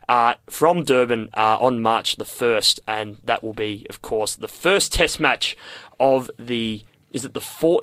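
A man's voice: mid-range voice, a bit bright, no room sound. Young man, radio sports host, chatty and rambling, dry studio sound. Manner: chatty, rambling, filler-heavy. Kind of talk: casual sports chat on radio.

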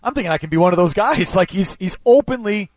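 Fast, lively male radio host. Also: high-pitched, no room sound. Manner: teasing, quick interruptions. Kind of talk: sports talk radio banter. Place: radio studio. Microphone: studio microphone.

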